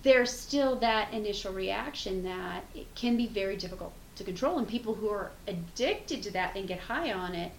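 A woman co-hosts a podcast in relaxed, candid conversation, musing out loud and breaking into laughter now and then. Her mid-range voice echoes around the room, with a faint hum of background noise underneath. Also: mid-range voice, moderate pace, hardly any pauses. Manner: frank, reflective, laughs easily, swears casually. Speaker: podcast co-host. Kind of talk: casual conversational chat.

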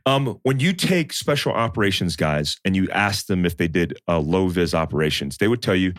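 A man's voice: deep voice, normal speed, hardly any pauses, dry recording, clean studio sound. A man in his thirties in casual chat, telling a story and acting out the quotes. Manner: storytelling, animated, acts out quotes.

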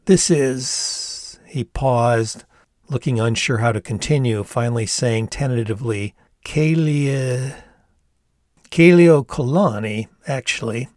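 An older man reading his own memoir aloud in a measured storytelling manner. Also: mid-range voice, no room sound, studio quality. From Ann Arbor, Michigan, USA. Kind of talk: audiobook narration.

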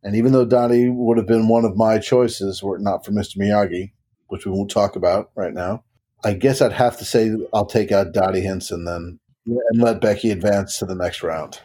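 A man's voice: fairly low pitch, steady tone, moderate pace, mellow, husky. A man in a casual podcast chat, thinking aloud hesitantly as he makes a pick.

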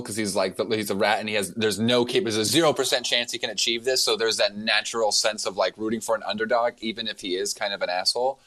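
A man with a middle-pitched, everyday voice, co-hosting a casual film podcast. He talks in an easygoing, conversational way, leaning on filler words as he thinks. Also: a bit bright. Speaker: podcast co-host.

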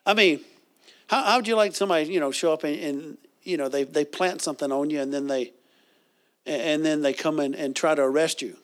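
Animated higher-voiced male preacher. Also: a little fast. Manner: animated, call-and-response with congregation. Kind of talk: sermon.

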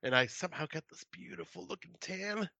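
Man from Michigan, bantering podcast co-host; very bright, slightly high voice, dry and close, playful and self-mocking. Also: expressive, fairly quick, creaky, slightly rough, dry recording, lo-fi sound. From Michigan, USA. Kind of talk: casual chat.

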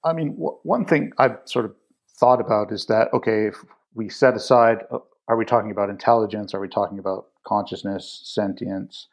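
A man's voice: lowish voice, fairly quick. A man on a philosophy panel, explaining an idea step by step with rhetorical questions. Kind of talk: casual academic discussion.

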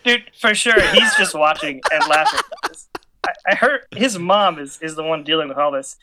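A man's voice: fairly high pitch, normal speed, background noise. A man in casual chat, telling a story animatedly with many fillers and restarts.

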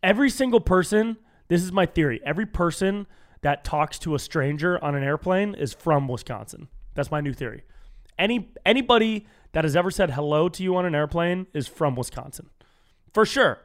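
Young man, from California, comedy podcast host, lively storytelling, higher-pitched voice. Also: fairly quick. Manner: animated storytelling, acts out quoted strangers in higher voice. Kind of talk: solo comedy podcast monologue.

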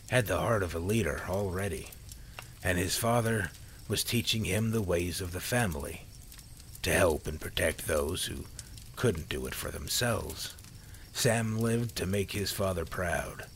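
A man narrating a story in a calm, measured reading voice. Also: low voice, slight background noise.

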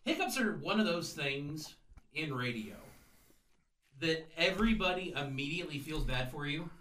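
Lively, laughing sports radio co-host. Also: male voice, on the high side, normal speed. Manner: animated storytelling with laughs.

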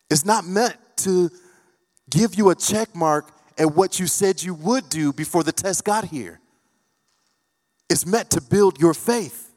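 A man's voice: fairly high pitch, a little mellow. Man preaching in a reverberant hall. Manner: retells scripture with dramatic quoted voices, rising and falling intensity. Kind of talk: sermon.

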